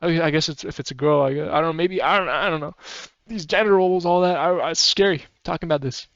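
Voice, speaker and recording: A man's voice: on the high side, quick pace, vocal fry, a bit bright, dry recording. A man streaming, chatting casually and rambling with frequent swearing and laughter. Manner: rambling and profane, laughs often. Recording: slightly muffled dry mic.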